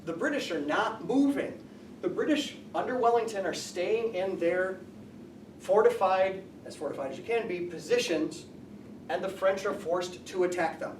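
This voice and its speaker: A man teaching a high school history class, explaining and asking the students questions. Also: normal speed, a little hiss or hum. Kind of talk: classroom lecture. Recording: echoey classroom from far off.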